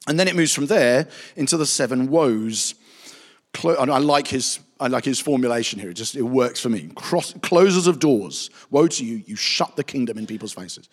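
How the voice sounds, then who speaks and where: A man, a pastor giving a chatty, anecdotal Bible teaching with animated asides. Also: mid-range voice, brisk. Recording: reverberant hall.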